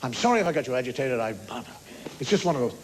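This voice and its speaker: A man's voice: medium pitch, very animated, very fast, slight background noise, voice pushed down, close to an everyday voice. A man voicing a fawning male caller who stammers out an apology for dialling the wrong number. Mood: grovelling.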